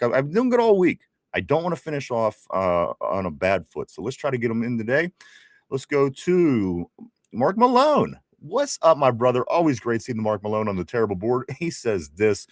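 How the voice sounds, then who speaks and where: A man's voice: lowish voice, no room sound, clean studio sound. A man with a Pittsburgh accent co-hosting a live sports show, reading viewer comments with teasing laughs. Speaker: podcast co-host.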